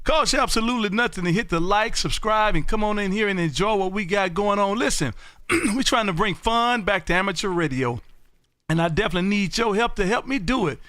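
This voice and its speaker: A man hosting a ham radio show, calling CQ and chatting loudly and folksily with callers. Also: sits high, animated, no room sound, studio quality. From Texas. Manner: loud, folksy, drawn-out exclamations. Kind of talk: casual on-air radio chat.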